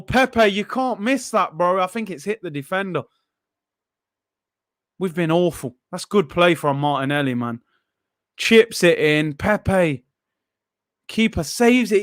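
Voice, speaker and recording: A young man hosting a live football watchalong, frustrated and animated, breaking into sudden shouts. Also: sits high. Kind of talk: live match reaction.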